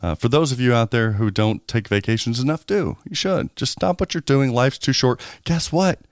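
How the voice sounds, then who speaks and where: A man co-hosts a podcast in casual chat, candid, rambling and joking. His mid-range voice moves at normal speed, and the clean studio recording has no room sound.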